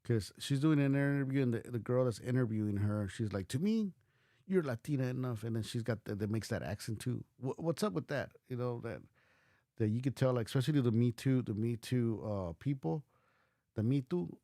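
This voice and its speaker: A man's voice: mid-range voice, a little fast, mellow, no room sound, studio quality. A man hosting a livestream, reacting in a casual, rambling way with lots of restarts and fillers, and swearing now and then. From United States. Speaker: livestream host.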